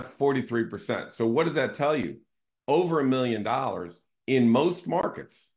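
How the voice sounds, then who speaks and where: Low-voiced man explaining market charts. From Northern Virginia area. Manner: talks through charts, frequent "right?" check-ins. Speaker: real estate team CEO and show host. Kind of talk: casual explanatory market talk.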